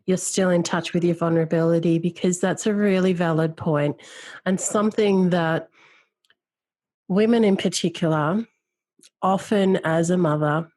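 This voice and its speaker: Low-voiced earnest woman podcast host. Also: a little mellow, dry recording. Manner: earnest, reflective, speaks slowly at key words. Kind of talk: emotional podcast conversation.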